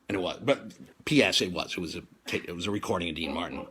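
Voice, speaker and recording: A man who hosts a comedy show tells a comic story in an animated way, acting out voices and restarting his sentences often. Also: low voice, racing. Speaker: comedian host.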